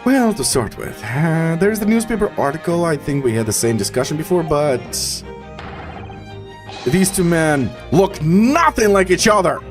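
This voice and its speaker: A man's voice: fairly high pitch, big pitch swings, moderate pace, voice pushed up. A man with a Russian accent reading the lines of an earnest young male lawyer, raising his voice to sound eager and insistent, with game music behind.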